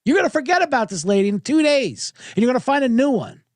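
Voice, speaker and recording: Middle-aged male host, high lively ranting voice, sarcastic comic monologue, dry close sound. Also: fast, dry recording. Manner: sarcastic, animated, swears freely. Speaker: podcast host. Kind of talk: ranting comedic podcast monologue.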